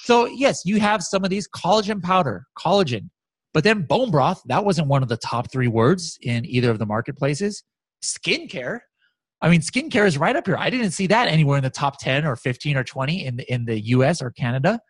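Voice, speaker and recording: Excited man with a fairly high voice. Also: brisk, husky, no echo. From United States. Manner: animated, excited, many fillers and restarts. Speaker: guest software expert. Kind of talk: casual screen-share walkthrough.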